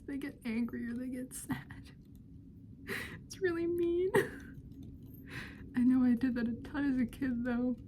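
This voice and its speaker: Mellow whispering woman, giggly whispered role-play. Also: sits high, slight background noise. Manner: soft whispering, giggly, rambling chatter. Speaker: friend hosting a visit in role-play.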